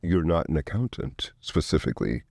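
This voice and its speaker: Male co-host, deep mellow voice, probing questions, dry studio sound. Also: animated, normal speed, vocal fry, breathy edge, dry recording. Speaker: podcast co-host. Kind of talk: casual chat.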